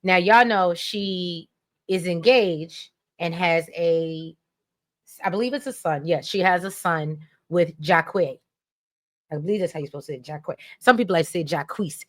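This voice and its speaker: Brief: woman gossip co-host, lower voice, animated and chatty. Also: moderate pace. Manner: chatty, animated, laughs often. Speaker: podcast co-host. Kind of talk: casual gossip chat.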